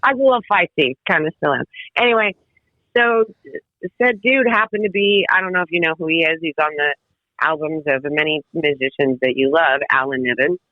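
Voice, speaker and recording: A woman guest telling wild stories in casual chat, lively and laughing, swearing freely. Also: low-pitched, fairly quick, no room sound. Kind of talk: casual storytelling. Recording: tinny phone-like line, dry.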